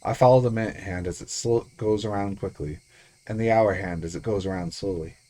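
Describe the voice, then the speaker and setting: A man's voice: fairly low pitch, fairly quick, warm tone, natural voice. A man voicing a guilt-ridden teenage girl sliding into paranoid delusion, reading a visual novel aloud, repeating himself obsessively. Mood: numb. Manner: obsessive repeating, frantic pleading.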